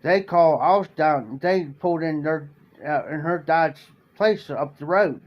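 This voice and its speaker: A man's voice: on the high side, unhurried, muffled recording. A man, hosting a live stream and telling a story in a rambling, repetitive way. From Ohio. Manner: rambling, repeats "I said" often. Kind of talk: casual storytelling.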